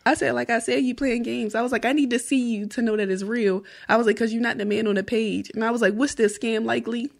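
Young woman, casual storytelling, slightly high voice. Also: fast talker, vocal fry, few pauses. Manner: animated storyteller, acts out dialogue. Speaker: podcast co-host. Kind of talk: casual chat.

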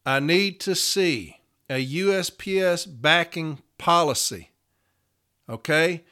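A man's voice: fairly high pitch, takes it slowly, pushed and bright. A man hosting a casual, profane monologue as a union steward, blunt and combative. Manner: blunt, combative, swears freely. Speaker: union steward podcast host.

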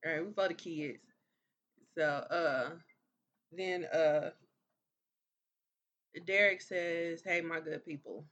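Man, podcast co-host, reads comments, slow-paced, bright voice. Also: fairly high pitch, steady tone, muffled recording. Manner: reads viewer comments aloud, short reactions. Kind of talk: casual chat.

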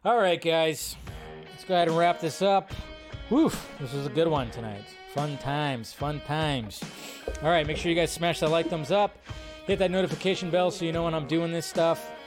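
A chatty man hosting a live movie stream, his voice pitched a little high. He rambles through his talk in a loose, casual way, with faint music playing behind him. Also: normal speed. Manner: rambling, chatty, reads viewer comments aloud.

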